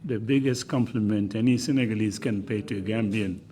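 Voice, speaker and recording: An older man chairing a formal hearing, speaking slowly with many ums and uhs. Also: lowish voice, dark tone, slight background noise. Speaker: commission chair.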